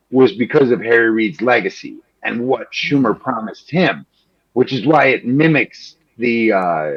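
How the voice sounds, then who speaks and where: Animated male journalist from Chicago. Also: medium pitch. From Chicago, Illinois. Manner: animated, quick, peppered with "like", acts out quoted politicians. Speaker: journalist guest. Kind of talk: conversational interview answers. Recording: slightly muffled lo-fi audio.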